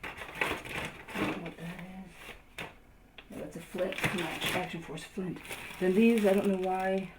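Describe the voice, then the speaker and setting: Low-voiced woman rambling over noisy video. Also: steady tone. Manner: halting, lots of ums and restarts, reading out labels. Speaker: toy collector. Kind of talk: casual show-and-tell narration.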